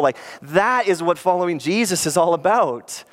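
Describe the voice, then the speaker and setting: A man preaching as a pastor in an earnest, animated sermon, often acting out quoted lines. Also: high-pitched, normal speed, few pauses.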